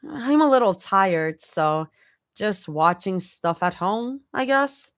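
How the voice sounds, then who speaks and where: A woman's voice: medium pitch, expressive, slow, no room sound, clean studio sound. Woman doing a sweet, tired young woman. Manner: sweet, a bit shy.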